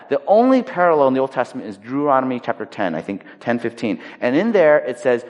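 A male pastor giving a conversational, emphatic sermon, swinging between loud stressed lines and hushed quiet points. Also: medium pitch, big pitch swings, quick pace, few pauses. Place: large hall. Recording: long reverb of a large hall.

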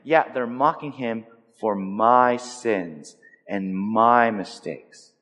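A pastor preaching a sermon to his church, animated and dramatic, swinging between loud exclamations and slow, quiet lines. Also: lowish voice. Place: church sanctuary. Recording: long reverb of a large hall.

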